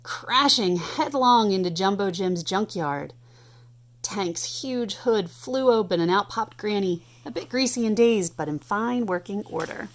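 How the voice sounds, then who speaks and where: A woman in her thirties reading a picture book aloud at home to a child, animated and playful. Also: mid-range voice, measured pace. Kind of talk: storybook read-aloud.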